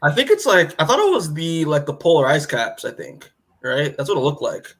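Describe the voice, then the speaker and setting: A man's voice: a little high, big pitch swings, a little fast, fairly bright tone. A man co-hosting a podcast, talking casually about comic books in loose, filler-heavy speech. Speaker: podcast co-host. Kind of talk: casual comic book chat.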